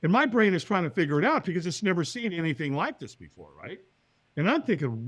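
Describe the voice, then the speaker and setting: A man telling a personal story as a podcast guest, acting out the other people's lines in higher voices and often checking in with "right?". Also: quick pace, no room sound. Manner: acts out quoted voices, often with a higher pitch; lively, talks to the listener with "right?".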